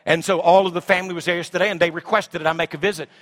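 Middle-aged man, pastor mid-sermon, bright ringing tone, big dynamic swings. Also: sits high, fairly even intonation, rapid-fire. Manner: swings from shouting to hushed asides.

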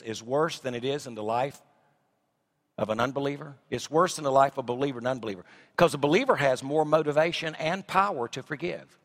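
In a church filled with long hall reverb, a pastor delivers a sermon in a fairly high, somewhat bright voice. He reads scripture and challenges the congregation with emphatic rhetorical questions.

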